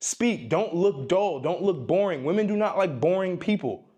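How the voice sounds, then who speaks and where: A young man who makes dating and self-improvement content delivers advice straight to the camera, facing it as he talks at a moderate pace in a high, animated, mellow voice. He is emphatic and lecturing, repeating "you need to" and deliberately moving his tone up and down to stress each point.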